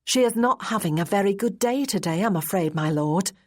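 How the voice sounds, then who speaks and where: A woman voicing a small, petulant young lady in charge of a child, speaking primly and a little higher than her own voice. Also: lively intonation, brisk, no room sound, studio quality, lightly acted.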